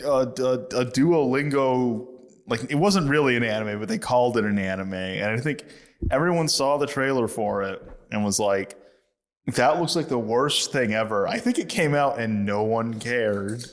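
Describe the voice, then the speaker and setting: A man's voice: mid-range voice, moderate pace. A man co-hosting a casual podcast, riffing on jokes with lots of laughter and swearing. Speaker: podcast co-host. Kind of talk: casual chat.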